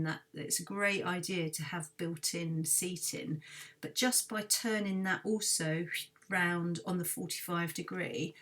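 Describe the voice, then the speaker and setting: A woman, a garden designer, walks a client through a design review in a friendly, thinking-aloud way with many pauses. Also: lowish voice, fairly bright tone, recorded from a distance.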